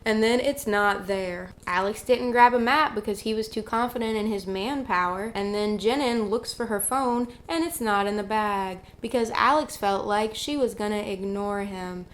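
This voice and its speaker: A woman recapping a bad movie in casual vlog style, with sarcastic, deadpan asides. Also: mid-range voice. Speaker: writer reviewing bad movies.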